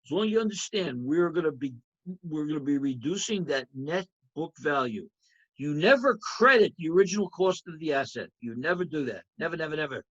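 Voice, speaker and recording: Emphatic high-voiced man teaching accounting. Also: expressive, a little fast, fairly bright tone, breathy edge, highs cut off. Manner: emphatic, repeats key points, asks students rhetorical checks. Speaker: accounting instructor. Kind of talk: recorded lecture review.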